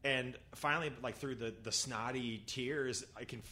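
A man's voice: medium pitch, fairly even intonation, moderate pace, pushed and bright, slight background noise. A man rambling through a self-mocking childhood story on a podcast. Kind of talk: casual storytelling.

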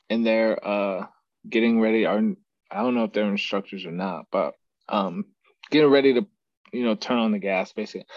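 A man's voice: on the low side, dry recording. A man hosting a podcast, telling his stories in casual chat and laughing often. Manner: animated storyteller, laughs often. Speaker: podcast host. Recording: dry, dull lo-fi sound.

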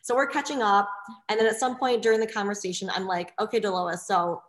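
A woman salon owner chatting casually and telling lively stories. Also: fairly high pitch, fast talker. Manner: animated, expressive storyteller. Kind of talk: casual chat, storytelling. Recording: echoey room.

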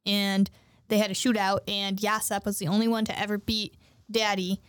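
A woman hosting a podcast in casual chat, retelling scenes and acting out characters in quick voices, laughing often. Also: medium pitch, level tone, dry recording, clean studio sound. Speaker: podcast host.

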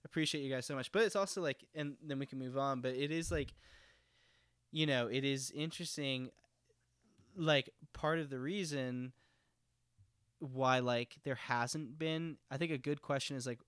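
A man's voice: medium pitch, normal speed, a bit bright, smooth, no room sound, clean studio sound. A young man from Texas co-hosting a podcast, rambling casually with lots of "like" and swearing. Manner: rambling, profane, lots of fillers. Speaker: podcast co-host. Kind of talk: casual political chat.

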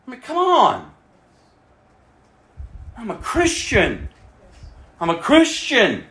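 A man preaching a sermon in a high, lively voice that swoops up and down. He drives home each point with rhetorical questions and swings from loud to hushed. The room around him is echoey. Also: takes it slowly. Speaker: pastor.

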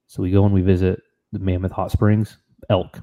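A man with a deep, dark voice tells a story in casual conversation. He talks with animated excitement and keeps the tone relaxed and chatty. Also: moderate pace. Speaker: podcast co-host.

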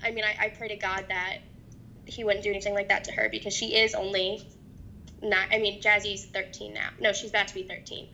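Woman, young adult, halting interview testimony, gravelly edge, faint low rumble. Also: level tone, bright, forceful tone, low-quality recording. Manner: halting, hesitant, many restarts. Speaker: guest.

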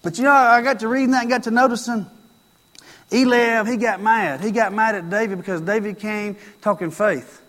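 A man's voice: high voice, steady tone, moderate pace, a bit bright, big-room sound. A man preaching a sermon, telling a story and acting out its lines, repeating phrases for emphasis.

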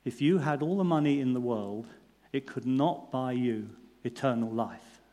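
A man voicing a stern, authoritative male judge, speaking quietly and in a measured way. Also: mid-range voice, pitched below the performer's own voice, close to an everyday voice. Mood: grave. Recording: long reverb in a large hall.

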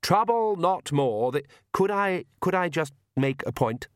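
A nervous, earnest young priest, as a male reader puts him on, stumbling and higher than the narration. The voice is close and dry in a storybook reading. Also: lively intonation, a little slow, no room sound. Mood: flustered. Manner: hesitant, stumbling, raised voice.

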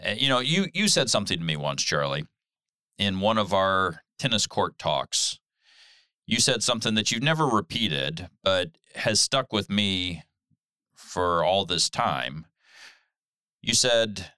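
Slow, deep-voiced man, crisp and dry. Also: very animated, bright, forceful tone, no echo. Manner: slow, measured, thoughtful. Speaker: podcast co-host. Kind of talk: casual chat.

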